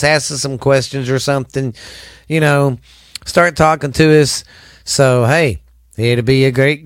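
A man's voice: mid-range voice, no echo, studio quality. A middle-aged man hosting a podcast, rambling in a folksy, chatty way, his sinuses a bit stuffy. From Southern United States. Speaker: podcast host. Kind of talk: casual podcast sign-off chat.

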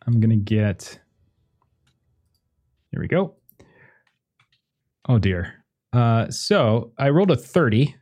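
Halting man running a tabletop game. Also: mid-range voice, big pitch swings, a little mellow. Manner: halting, thinks aloud with many fillers; laughs often while talking. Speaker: game master. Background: faint music.

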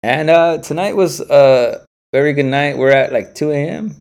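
A man's voice: fairly high pitch, moderate pace, creaky, darkish tone. A man hosting a podcast, telling stories in a laid-back way with profane slang during a casual late-night chat. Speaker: podcast host.

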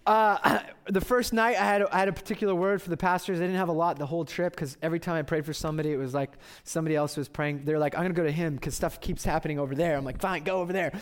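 A man in his thirties preaching a sermon, telling stories with loud excitement and then dropping to quiet reverence. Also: on the high side, rapid-fire, hardly any pauses, smooth. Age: 30s. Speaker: pastor.

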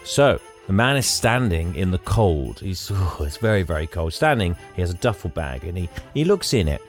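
With a deep, sing-song voice at a moderate pace, a man co-hosts a laid-back podcast as faint music plays. He goes through a film's story, acting out lines amid frequent laughs.

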